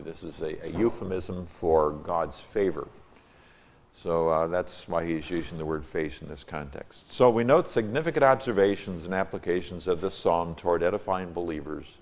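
A man reading a psalm aloud, then explaining the Hebrew words verse by verse in a Bible lesson, with frequent restarts. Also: low voice. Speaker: Bible teacher.

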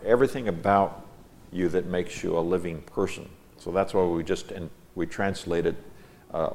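A man teaching the Bible verse by verse, reading passages aloud with emphasis and pausing to explain the Hebrew words. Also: sits low, creaky, darkish tone. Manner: reads scripture aloud, then stops to explain Hebrew words.

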